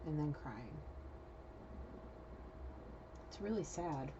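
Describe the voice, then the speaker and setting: A woman's voice: low-pitched, lively intonation, slow, highs cut off, background noise. A woman giving a casual channeled tarot reading, chatty and blunt, swearing freely. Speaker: tarot card reader.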